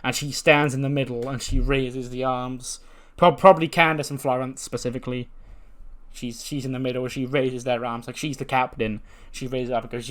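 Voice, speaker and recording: A man narrating a wrestling sim playthrough in a relaxed, chatty way, loose and full of fillers. His voice sits at an ordinary middle pitch. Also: moderate pace. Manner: casual, chatty, lots of fillers. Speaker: gaming creator.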